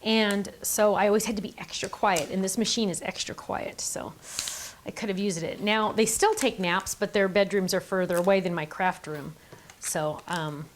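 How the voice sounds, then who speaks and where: A woman's voice: medium pitch, fairly even intonation, normal speed, a little hiss or hum. A middle-aged woman hosting a card-making tutorial, chatty and enthusiastic, gushing over her supplies. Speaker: craft video host.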